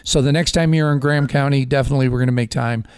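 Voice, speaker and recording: A man's voice: mid-range voice, steady tone, very fast, a little mellow, clean tone, no room sound, clean studio sound. An older man hosting a radio call-in show, telling a story in a chatty way and then asking pointed questions. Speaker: radio talk show host. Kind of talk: casual radio interview.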